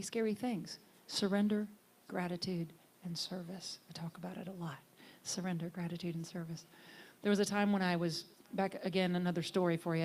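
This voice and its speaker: A middle-aged woman minister giving a conversational, earnest sermon, sometimes lifting her voice for emphasis and sometimes dropping to a hush. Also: mid-range voice. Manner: earnest, conversational, swings from bright emphasis to soft hushed lines.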